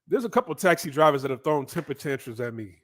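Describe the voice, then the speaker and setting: A man from the United States casually telling a story in an animated, profane way, often checking in with the listener. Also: a little high, fast. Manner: animated, profane, frequent "right?" asides. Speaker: vlogger.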